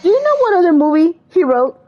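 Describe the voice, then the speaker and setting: A woman's voice: extremely high pitch, sing-song, quick pace, lo-fi sound. A woman co-hosting a podcast, chatting casually and retelling movie scenes with exclamations and fillers. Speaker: podcast co-host. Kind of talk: casual chat.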